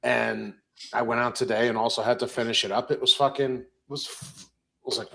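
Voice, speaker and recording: A young man in a casual podcast chat, speaking at a middle pitch. He rambles along easily, pausing with fillers as he recalls things. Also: vocal fry, fairly bright tone. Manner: easygoing, rambling recaps with fillers. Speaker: podcast co-host.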